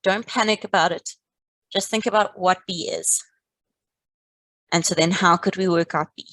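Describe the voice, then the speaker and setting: A woman leads a live maths class, calmly walking her students through each step and urging them not to panic. The sound is dry and close, with no room echo. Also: on the low side, normal speed. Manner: encouraging, calm, talks students through steps. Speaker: maths teacher. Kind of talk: live online maths lesson.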